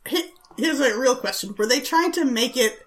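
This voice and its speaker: A woman's voice: high voice, lively intonation, moderate pace, over a noisy crowd. A woman co-hosting a casual chat, asking curious questions. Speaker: podcast co-host.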